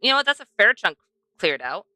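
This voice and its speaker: A woman's voice: mid-range voice, big pitch swings, a little fast, bright, forceful tone, no echo. A young woman streaming a game, chatting to herself and to the animals she passes as she plays. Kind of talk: casual gameplay commentary.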